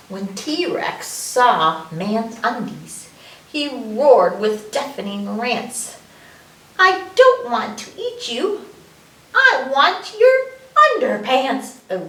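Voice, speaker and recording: In a library room, a children's librarian reads a picture book aloud for story time, playful and sing-song in a mid-range voice. The mic is far off, giving roomy echo and a little hiss or hum.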